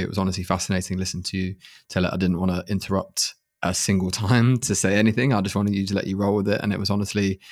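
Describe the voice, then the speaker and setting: A man's voice: low voice, no room sound, studio quality. A man hosting a podcast, wrapping up an interview with friendly thanks. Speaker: podcast host. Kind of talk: casual podcast chat.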